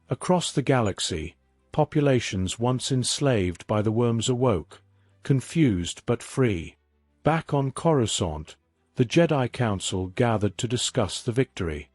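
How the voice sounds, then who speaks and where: A man giving a scripted story narration in a measured, even reading. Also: mid-range voice, dry recording, studio quality.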